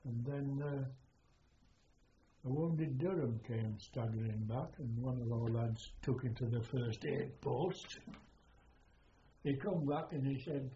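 Halting old man on echoey tape. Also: mid-range voice, mellow, slight background noise. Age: older. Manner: slow, halting storytelling with many pauses. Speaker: war veteran interviewee. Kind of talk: oral history recollection. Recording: echoey, dull archival interview tape.

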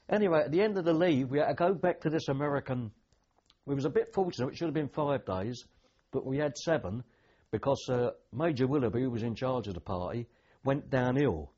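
A man's voice: medium pitch, expressive, a little fast, darkish tone, lo-fi sound. An older man, a veteran telling rambling anecdotes with dry humour in an oral history interview.

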